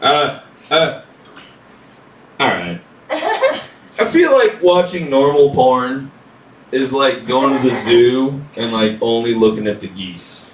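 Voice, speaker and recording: A man's voice: medium pitch, big pitch swings, takes it slowly, pauses often, a little hiss or hum. A man from a small town doing a stand-up routine, chatty, leaning on "like" and acting out quotes. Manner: chatty, leans on "like", acts out quotes. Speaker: stand-up comedian. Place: comedy club stage. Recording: echoey club room heard from far off.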